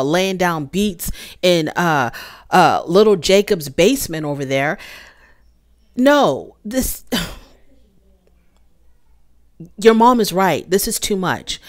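A woman hosting a casual recap of a reality show, talking straight to the cast in an exasperated, scolding way. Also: fairly low pitch. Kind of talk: casual review commentary.

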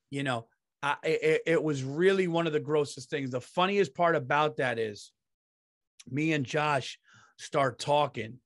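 Heated, profane man with a raised pitch. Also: fairly bright tone. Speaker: comedian and podcast host. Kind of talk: casual ranting monologue.

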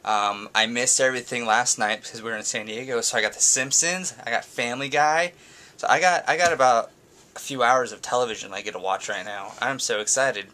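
A man's voice: mid-range voice, a little fast, bright, forceful tone. A young man chatting casually in a home video blog, rambling with restarts and little laughs. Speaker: vlogger. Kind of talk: casual vlog chat.

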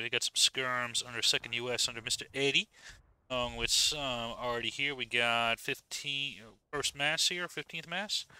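A man's voice: mid-range voice, smooth, dry recording, low-quality recording. A man streaming a game, giving casual commentary and reading out units with joking asides. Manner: relaxed, joking asides while listing units.

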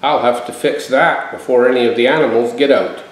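A man's voice: medium pitch, fairly even intonation, a little fast, close to an everyday voice. A man reading a storybook's kindly male farmer in a mild, plain way. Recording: very echoey room.

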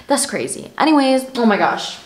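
Young woman, bubbly slangy chat, roomy echo, light hiss, mid pitch. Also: sing-song, moderate pace. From Canada. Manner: bubbly, slangy, lots of "like" and "literally". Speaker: fashion vlogger. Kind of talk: sponsored try-on haul chat. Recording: echoey room, faint noise.

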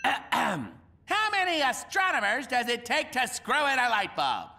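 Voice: high-pitched, wildly swooping pitch, background noise, full character voice. An eager inventor dog. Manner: earnest, proud, slow joke delivery. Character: male dog inventor, eager amateur comedian.

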